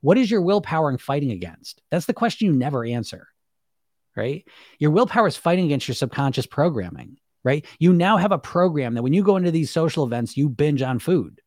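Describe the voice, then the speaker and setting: A man's voice: a little high, sing-song, fairly quick, darkish tone, no echo, studio quality. A man coaching viewers on weight loss through self-hypnosis in a blunt, emphatic monologue, swearing casually and asking rhetorical questions.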